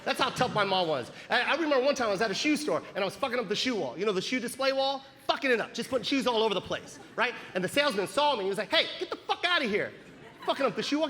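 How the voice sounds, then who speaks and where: A man doing stand-up, telling a story loudly and animatedly with lots of cursing. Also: extremely high pitch, a little hiss or hum. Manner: loud, animated, profane. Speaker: stand-up comedian. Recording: comedy club hall with audience laughter.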